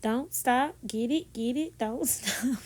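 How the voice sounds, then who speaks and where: Een vrouw die haar slaperige lijf nadoet, hoog en zangerig. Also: female voice, fairly high pitch, slow pace, a little mellow, voice pushed up. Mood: coaxing. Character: her own sleepy body, a woman, coaxing her to bed.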